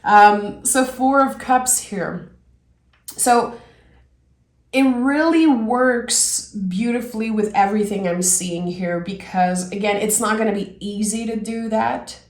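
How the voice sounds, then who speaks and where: A woman giving a reflective tarot reading, gently encouraging and thinking aloud as she turns the cards. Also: medium pitch, takes it slowly. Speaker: tarot reader. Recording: roomy echo.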